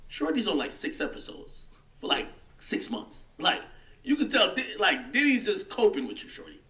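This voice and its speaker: A man's voice: high-pitched, sing-song, normal speed, bright, forceful tone, echoey room, distant mic. A man hosting a livestream, delivering a heated, mocking rant in casual commentary. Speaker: livestream host.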